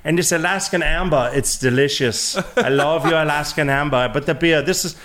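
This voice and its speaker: A beaming executive gushes with delight, his voice lifted high and bright. Every line spills over with praise. A man puts him on, mid-chat. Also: moderate pace, natural voice. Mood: gushing. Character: effusive cheerful German male CEO.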